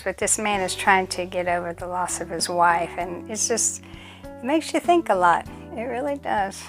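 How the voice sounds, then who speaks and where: A middle-aged woman vlogger chatting casually, telling an anecdote in an animated way and acting out other people's voices. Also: lowish voice. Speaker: vlogger and community theater actress.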